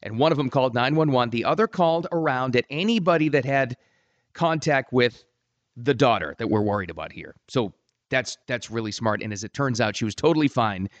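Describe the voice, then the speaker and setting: A man hosting a podcast, talking casually and emphatically, often dropping low for weight. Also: lively intonation, brisk, no room sound, highs cut off. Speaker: podcast host.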